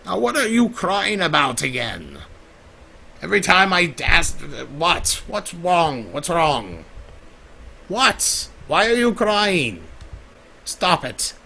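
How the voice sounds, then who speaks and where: A man's voice: sits high, sing-song, slow pace, creaky, sharp tone, heavily acted. A man voicing Discord, a vain, theatrical male chaos spirit who calls people darling, drawls, sighs and laments melodramatically, in an improvised in-character Q&A livestream. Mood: fussy, bewildered.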